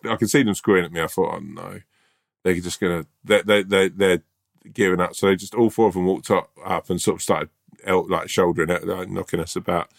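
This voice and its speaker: A man's voice: low voice, steady tone, a little fast. A man co-hosting a podcast, talking casually and storytelling with lots of restarts and quoted voices. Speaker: podcast co-host. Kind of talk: casual chat.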